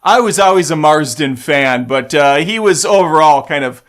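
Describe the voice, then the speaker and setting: High-voiced, sarcastic man. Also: expressive, normal speed, a bit bright. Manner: sarcastic and snarky, swears freely. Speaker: movie trailer reaction host. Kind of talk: casual reaction commentary.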